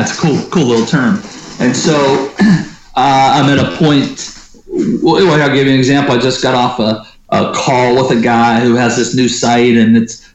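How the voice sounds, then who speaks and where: A man telling personal stories as an interview guest, lively and acting out the dialogue he quotes. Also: mid-range voice. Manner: animated storyteller who acts out quoted dialogue. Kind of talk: storytelling in a conversational interview. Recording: roomy echo.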